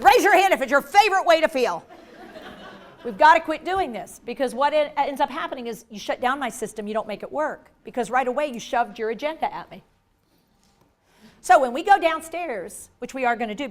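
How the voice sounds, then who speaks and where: A woman giving a lively live workshop on dementia care, acting out inner voices and joking with the audience. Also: sits high. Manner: animated, acts out inner voices, jokey asides to the audience.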